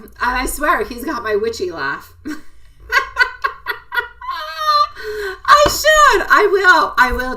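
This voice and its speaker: A woman's voice: medium pitch, pushed and bright, far from the mic. A woman giving a live tarot reading, chatting in a giggly, affectionate way and addressing viewers by name. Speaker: tarot reader.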